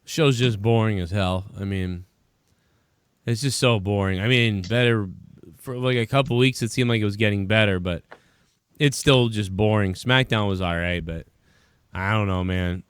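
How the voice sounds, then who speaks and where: A man's voice: on the low side, normal speed, smooth, no echo. A man in his thirties hosting a casual chat, telling a bar story full of swearing and acted-out quotes. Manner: profane, animated storyteller acting out quotes. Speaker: podcast host.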